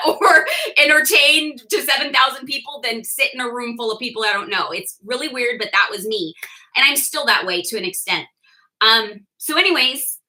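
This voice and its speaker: A young woman shares her personal testimony with a team, lively and quick to laugh. Her voice sits high and sounds sharp and bright. She acts out the lines of the people in her story. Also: poor audio. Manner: animated storyteller, laughs often, acts out quotes. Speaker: direct sales leader sharing her story.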